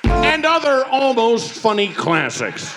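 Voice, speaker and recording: A man's voice: very high-pitched, wildly swooping pitch, takes it slowly, music in the background. A man on a live comedy stage, reading a mock announcement in a dry tone.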